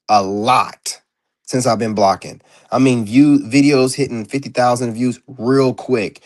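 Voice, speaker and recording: A man's voice: medium pitch, steady tone, unhurried. A man ranting in a casual vlog monologue, blunt and profane, rambling with lots of fillers. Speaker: vlogger. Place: indoors.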